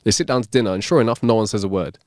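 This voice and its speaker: A man's voice: fairly low pitch, very fast, darkish tone, dry recording, clean studio sound. A man co-hosting a comedy podcast who tells jokes as stories and laughs at his own punchlines. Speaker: podcast co-host. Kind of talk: joke telling.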